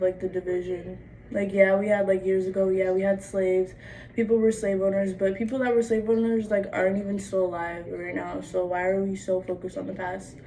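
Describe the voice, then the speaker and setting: A woman's voice: medium pitch, mellow. Blunt young woman ranting from afar. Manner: blunt, profane, fills every phrase with "like". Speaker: vlogger. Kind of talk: casual monologue to camera. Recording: distant mic with faint background noise.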